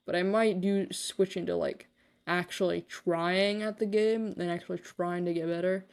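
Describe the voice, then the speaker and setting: A woman's voice: lowish voice, steady tone, moderate pace, a little mellow, smooth. Rambling young woman streamer. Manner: rambling, filler-heavy, swears freely, self-mocking. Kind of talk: casual live-stream chat while gaming.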